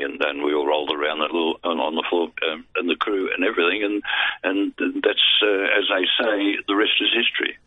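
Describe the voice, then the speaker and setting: A man's voice: low voice, breathy edge, no room sound. An older Australian man with no teeth, rambling through self-deprecating stories as a guest on a phone line. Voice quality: gummy speech from having no teeth. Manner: rambling, self-deprecating storyteller with dry jokes. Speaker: guest, veteran broadcaster and voice artist. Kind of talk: casual anecdotal interview chat. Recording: tinny dry phone line.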